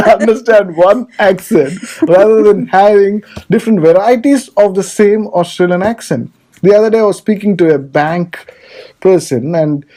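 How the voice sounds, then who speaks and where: Earnest man with a dark voice, hosting. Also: sits high. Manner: earnest, repeats words when searching. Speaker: podcast host. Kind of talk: casual conversation.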